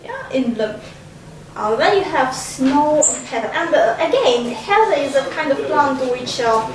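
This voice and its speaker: Woman leading a poem discussion, unhurried, slightly high, recorded far off in a very echoey room. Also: expressive, a crowd in the background. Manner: slow, thoughtful, prompting with questions. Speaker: discussion leader. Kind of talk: casual group discussion of a poem. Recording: echoey room, distant mic, faint noise.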